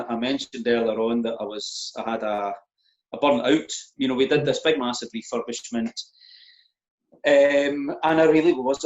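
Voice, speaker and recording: A middle-aged man, a church minister, speaking openly and reflectively in an interview, often halting and repeating words. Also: mid-range voice. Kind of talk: candid conversational interview. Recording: echoey, dull lo-fi audio.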